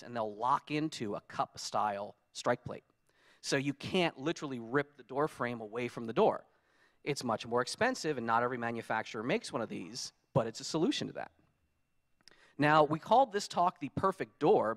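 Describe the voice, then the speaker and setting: A man giving a conference talk, telling lively stories and acting out his own frustrated quotes. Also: a little high. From United States. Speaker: conference speaker. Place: conference hall.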